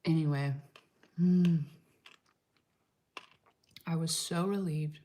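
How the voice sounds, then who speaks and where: A woman's voice: low voice, steady tone, takes it slowly, mellow. A woman talking through her week in a casual vlog, chatty and full of "like" fillers, sometimes dropping to a whisper. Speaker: vlogger. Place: home in Slovenia.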